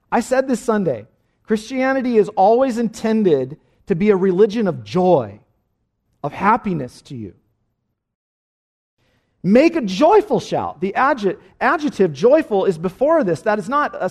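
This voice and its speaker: A male pastor preaching a sermon emphatically, dropping to soft asides and rising to loud exclamations. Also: sits high.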